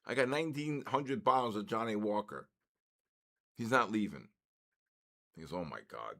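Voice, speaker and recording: A man's voice: mid-range voice, very animated, moderate pace, fairly bright tone. A man in his early sixties hosting a live trading stream, chatting loosely with viewers and jumping between stories and market calls. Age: 60s. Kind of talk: casual live-stream chat.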